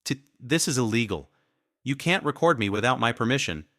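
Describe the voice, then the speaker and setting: A man's voice: medium pitch, animated, a little fast, pushed and bright, dry recording, clean studio sound, voice pushed up. A man voicing a frightened adulterer trying to talk his way out, in a storybook reading. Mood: nervous. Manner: nervous bargaining. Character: smug cornered adult man, scared.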